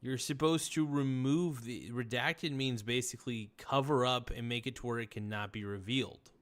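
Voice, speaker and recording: A man's voice: mid-range voice, moderate pace, fairly bright tone. Tired male streamer, casual rambling talk-show host, medium voice. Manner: rambling, tired and laid-back, says "man" a lot. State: tired, yawning. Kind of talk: casual late-night stream chat reading viewer messages.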